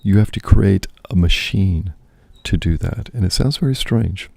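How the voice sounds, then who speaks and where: A man's voice: sits low, a little slow, creaky, darkish tone, no room sound. A man, a priest and host, musing aloud in casual spoken reflection, often checking in with "right?".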